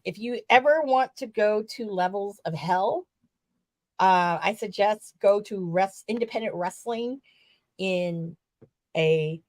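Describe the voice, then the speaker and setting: A woman co-hosting a casual wrestling talk show, rambling and animated, swearing now and then. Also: medium pitch, dry recording. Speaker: podcast co-host.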